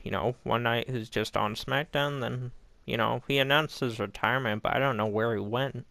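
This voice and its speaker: A man's voice: mid-range voice, steady tone, moderate pace, gravelly, pushed and bright, no echo. A young man casually recapping a wrestling show, rambling with lots of fillers and acting out what people said. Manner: rambling, filler-heavy, acts out quotes.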